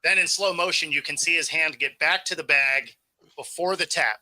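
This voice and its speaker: A man's voice: on the high side, moderate pace, pushed and bright, poor audio. A man co-hosting a casual sports talk stream, laughing easily and explaining plays at length. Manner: laid-back, laughs easily, talks in run-on explanations. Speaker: sports show co-host.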